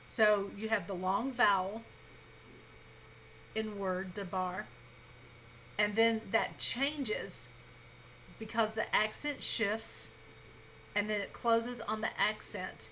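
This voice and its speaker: A woman instructor talks through a recorded grammar lesson in a bright, clear voice. She is patient and reassuring and pauses on fillers and quick self-corrections. A faint room hum sits behind her. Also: medium pitch, rough recording. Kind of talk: recorded lecture.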